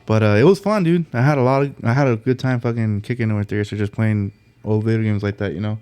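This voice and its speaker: A man's voice: fairly low pitch, fast talker, a little mellow, smooth. A man co-hosting a podcast in casual chat, full of slang like bro and fool and frequent swearing. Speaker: podcast co-host.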